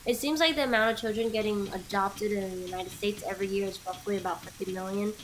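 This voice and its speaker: A woman's voice: medium pitch, fairly even intonation, quick pace, a little hiss or hum, rough recording. A woman co-hosting a gaming video in casual chat, earnest and rambling, full of fillers. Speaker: co-host playing a video game.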